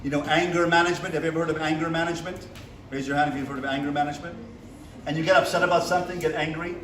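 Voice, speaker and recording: Racing along with fairly even intonation, this rabbi speaks on the high side in a fairly bright tone. His motivational seminary-classroom lecture features questions to the audience and acted-out little dialogues, recorded distantly in an echoey room with slight background noise.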